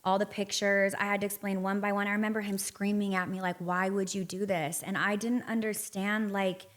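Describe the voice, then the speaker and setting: A woman's voice: mid-range voice, level tone, a little fast, fairly bright tone. Frank, profane woman telling her story. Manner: frank and profane, reenacting past conversations. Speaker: podcast guest. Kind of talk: candid interview storytelling.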